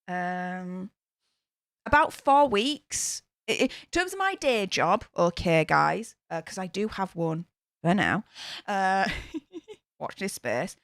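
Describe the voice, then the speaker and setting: This clip features a young woman livestreaming on YouTube, her mid-range voice carrying a Yorkshire accent as she casually reads super chats, blunt and sweary. She comes from Yorkshire, England. It's a dry, studio-quality recording.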